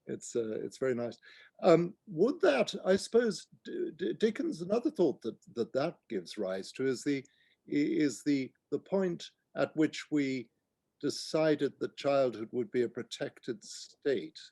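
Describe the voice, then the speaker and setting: A man who is a guest author in a literary conversation, thoughtful and halting, restarting his sentences often. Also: a little high, very animated, vocal fry, warm tone, slightly rough, dry recording.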